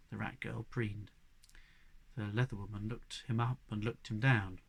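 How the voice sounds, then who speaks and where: Man giving a measured audiobook reading. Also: fairly low pitch, vocal fry, husky. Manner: measured, expressive storytelling. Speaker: reader. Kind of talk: audiobook narration.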